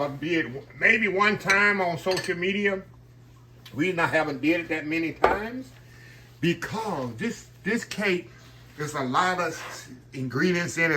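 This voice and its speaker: With a slightly high, bright, forceful voice, a man runs a casual kitchen cooking demo. He speaks folksy and warm toward viewers, often saying y'all, over slight background noise.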